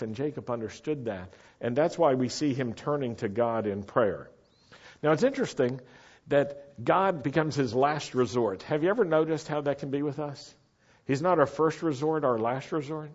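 A man preaching a sermon with lively, animated delivery that swings from quiet asides up to sudden shouts. His voice sits in the middle range for a man. The recording is dull and lo-fi. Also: medium pitch. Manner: animated, rising to shouts for emphasis. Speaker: pastor.

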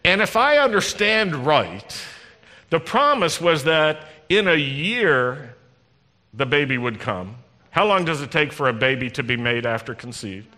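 Bright-voiced rabbi preaching in a hall. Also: male voice, fairly high pitch, very animated, unhurried. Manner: conversational preaching, teasing the congregation, addresses listeners directly. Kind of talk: sermon. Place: congregation hall. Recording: long reverb in a large hall.

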